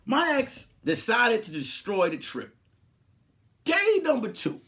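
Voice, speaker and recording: A man hosting a comedy podcast, telling a story in a casual, animated way and swinging from hushed asides to loud, laughing outbursts. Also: extremely high pitch, takes it slowly. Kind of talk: comic storytelling.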